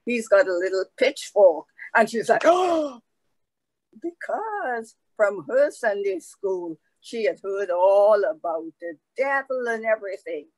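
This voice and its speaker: A woman telling a folk tale aloud in a slow, conversational way, with asides to her listeners. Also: medium pitch, expressive, a little mellow, no echo, poor audio. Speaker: storyteller. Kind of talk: oral folk storytelling.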